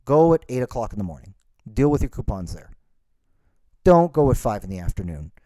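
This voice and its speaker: A man's voice: medium pitch, very animated, brisk, warm tone, dry recording. A man hosting a podcast, ranting in an exasperated, sarcastic way. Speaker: podcast host. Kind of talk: ranting monologue.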